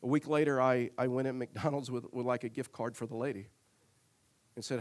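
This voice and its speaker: A man's voice: mid-range voice, fairly even intonation, brisk. A male pastor preaching a sermon, telling a personal story earnestly and with humor, often repeating words as he goes.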